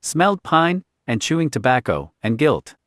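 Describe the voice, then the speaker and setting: A man reading a story aloud in a quiet, clipped, understated way. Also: mid-range voice, big pitch swings, normal speed, no room sound, studio quality. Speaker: narrator. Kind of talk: scripted story narration.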